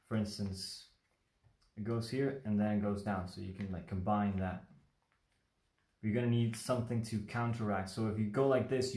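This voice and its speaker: A man's voice: lowish voice, a little mellow, reverberant. A man from Mexico teaching paper folding in a casual livestream, rambling and chatty, often checking in with the viewer. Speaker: origami instructor. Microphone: livestream phone or webcam mic.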